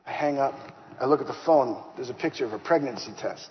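Man telling a lively testimony in a hall. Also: medium pitch, quick pace. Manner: animated, acts out dialogue. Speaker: speaker giving a faith testimony. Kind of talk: storytelling testimony. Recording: long hall reverb, slightly dull, faint hiss.

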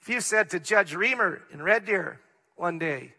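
A man's voice: high voice, animated, normal speed, bright, forceful tone, breathy edge. A middle-aged man, preaching a sermon, reading scripture and explaining it in an earnest, plain way. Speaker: pastor. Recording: long reverb of a large hall.

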